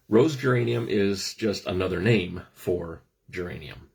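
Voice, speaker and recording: A man's voice: sits low, slow, creaky, darkish tone, husky. A middle-aged man hosting a casual talk on essential oils, explaining things with dry, self-deprecating jokes. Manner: joking, self-deprecating asides. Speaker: host.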